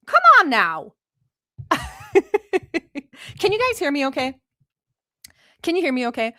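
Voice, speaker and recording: A woman's voice: high voice, sing-song, unhurried, pauses often, sharp tone, no room sound, studio quality. A woman from the Middle East, whose first language is not English, hosting a casual livestream from home. She is giddy and silly, reads chat comments aloud, and swears freely. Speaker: livestream host.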